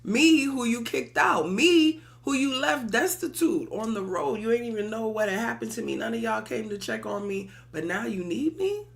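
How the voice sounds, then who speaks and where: A woman's voice: on the high side, animated, racing, creaky, pauses often, voice pushed up. A woman voicing a proud, offended male healing spirit who mocks those who rejected him. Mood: scornful. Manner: mocking, loud and indignant.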